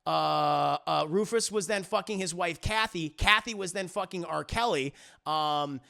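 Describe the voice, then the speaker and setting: A man's voice: fairly high pitch, measured pace, creaky, sharp tone. A man recapping a music series for his live chat in a casual, profane, rambling way, acting out the characters' lines as he goes. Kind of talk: animated casual recap with acted-out quotes.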